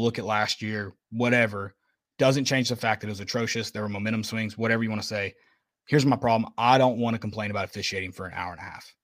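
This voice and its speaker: Male podcast co-host, lower register, emphatic and exasperated. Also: a bit bright. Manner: frustrated venting, blunt and emphatic. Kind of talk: casual sports podcast chat.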